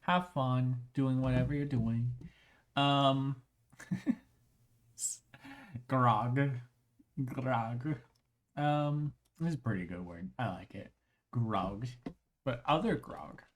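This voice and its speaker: A live streamer chatting casually, rambling playfully with frequent restarts and laughter. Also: mid-range voice. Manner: halting, with many restarts.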